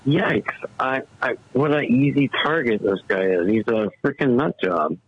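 A man calling in to a talk show, rambling and halting, swearing as he rants. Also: mid-range voice, breathy edge, lo-fi sound. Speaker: caller. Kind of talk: casual call-in talk.

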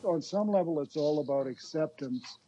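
A man in a casual political chat, earnest and reflective, with a halting way of talking. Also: fairly high pitch, warm tone, lo-fi sound, a little hiss or hum.

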